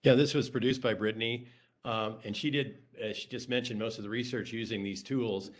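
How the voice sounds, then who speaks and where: A man's voice: medium pitch, steady tone, a little fast. A man, an investigative reporter, introducing a clip in a hesitant webinar talk with many fillers. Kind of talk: webinar presentation.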